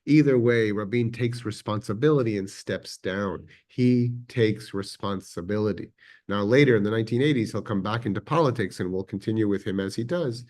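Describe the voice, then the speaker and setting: A man with a fairly low voice teaches a history class in a synagogue classroom. He talks conversationally, pausing on fillers and correcting himself as he goes. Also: a little mellow. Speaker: adult education teacher.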